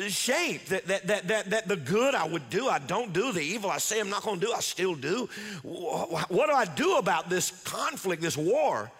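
A man's voice: sits high, a bit bright, long reverb tail. A man preaching a sermon as pastor, leading the congregation in call-and-response, stretching key words and repeating himself as he builds a point. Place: church sanctuary.

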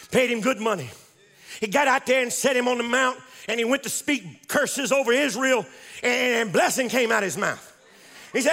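A man's voice: very high-pitched, expressive, normal speed, a bit bright, big-room sound. A man preaching a fervent sermon as pastor, repeating phrases and calling on the congregation to respond. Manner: fervent, repetitive, call-and-response.

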